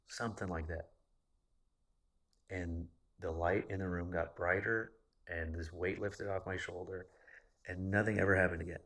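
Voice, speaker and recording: A man's voice: low-pitched, fairly even intonation, moderate pace, pauses often, fairly bright tone. A man in his thirties telling a personal story casually, rambling and swearing freely. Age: 30s. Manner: profane, rambling.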